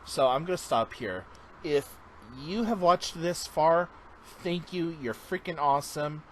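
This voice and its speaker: A man's voice: a little high, measured pace, a bit bright, slight background noise, low-quality recording. A man vlogging a casual check-in, talking in an earnest, encouraging way that drifts into tangents.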